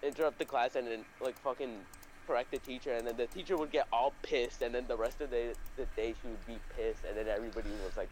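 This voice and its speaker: A man's voice: mid-range voice, steady tone, quick pace, noisy background. A young man telling a crude comic story in a rambling, profane way, laughing at his own jokes. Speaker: co-host storyteller. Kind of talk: crude comedic storytelling chat.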